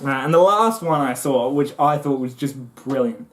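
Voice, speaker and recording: A man vlogging a comic monologue to the camera, excitable and often jumping into high voices as he acts things out. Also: normal speed, slight background noise. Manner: excitable, jumps into high squeaky voices when acting things out.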